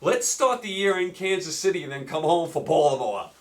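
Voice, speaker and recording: A man with a New York accent talks through his football picks alone. His voice sits a little high for a man, and he rambles, asks listeners rhetorical questions and sometimes loses his track. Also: very animated, fairly quick. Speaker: sports betting podcast host. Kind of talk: solo sports picks talk.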